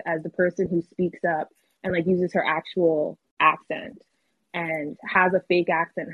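A woman's voice: on the low side, slightly rough, dry recording. A woman actor talking candidly in a casual podcast interview, using slang and laughing often. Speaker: actor guest. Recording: phone-like call audio.

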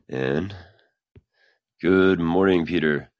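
Very deep gravelly man reading science news. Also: moderate pace, no echo, lo-fi sound. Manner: casual, swears, breaks off into self-deprecating asides. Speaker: podcast host.

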